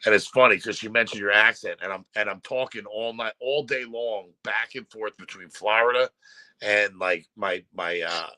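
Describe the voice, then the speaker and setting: A man's voice: fairly low pitch, normal speed, sharp tone, no room sound. A man with a New Jersey accent who hosts a casual chat show, rambling, swearing and telling stories. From Brooklyn and New Jersey. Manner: loose, profane, rambling storyteller.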